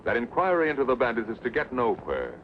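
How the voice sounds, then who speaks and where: An actor playing a scheming, ambitious Roman prince and prefect in a 1960s film dub, speaking suavely and giving cold orders. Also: male voice, mid-range voice, huge pitch swings, quick pace. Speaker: prefect of the Praetorium. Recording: dull old film sound with hiss.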